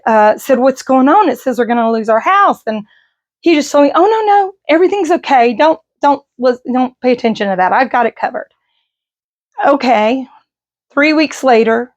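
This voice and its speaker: A middle-aged woman vlogging, telling a personal story in a rambling, emotional way with many fillers. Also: a little high. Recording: slightly dull lo-fi audio.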